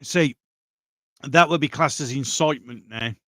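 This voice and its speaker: A man hosts a live stream in a loose, conversational way, reading viewer comments aloud and replying as he goes. His mid-range voice is a bit bright at normal speed, in a dry, studio-quality recording.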